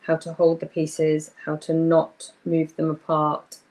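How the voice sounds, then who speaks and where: A young woman talks casually through a live crafting session, greeting viewers as they join and thinking aloud about the work. Her voice sits a little low for a woman. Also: completely flat delivery, a little slow, a little mellow. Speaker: craft workshop host. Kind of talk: casual live-stream chat while crafting.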